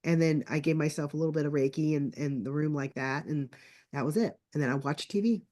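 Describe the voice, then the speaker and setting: Chatty middle-aged woman, lowish voice. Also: a little fast. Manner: chatty, animated, acts out family members' lines. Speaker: guest. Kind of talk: casual storytelling on a podcast call.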